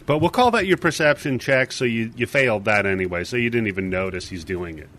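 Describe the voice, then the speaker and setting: A man's voice: medium pitch, lively intonation, a little fast, a bit bright. A man narrating a tabletop game as dungeon master, casual and given to laughing. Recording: faint hiss, clipping mic.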